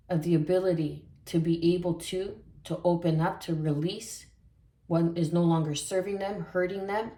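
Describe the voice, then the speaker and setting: A woman giving a spiritual tarot reading in a soft, reflective way, often repeating phrases for emphasis. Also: lowish voice, reverberant. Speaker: tarot reader.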